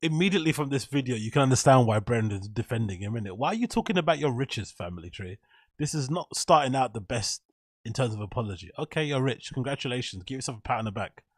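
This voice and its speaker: A man's voice: medium pitch, lively intonation, fast talker, no room sound, clean studio sound. A man giving rambling, profane reaction commentary as host, laughing often.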